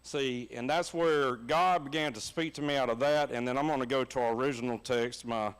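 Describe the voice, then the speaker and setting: A middle-aged man with a Southern American accent, preaching a sermon and telling funny personal stories in a folksy, animated way. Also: medium pitch, fairly quick, smooth. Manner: folksy and animated, laughing at his own stories. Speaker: pastor. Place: church.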